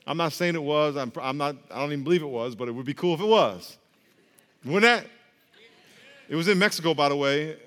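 A male pastor with a fairly high voice preaches in a loose, joking way. He asks the congregation to call back to him and keeps it conversational. His voice carries the long echo of a large church hall. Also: fairly bright tone. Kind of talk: sermon.

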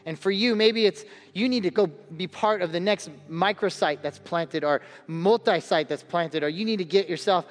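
A man's voice: high-pitched, normal speed, few pauses, big-room sound, faint music behind. A male pastor preaching a conversational sermon to a congregation. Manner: conversational preaching, acts out quoted voices.

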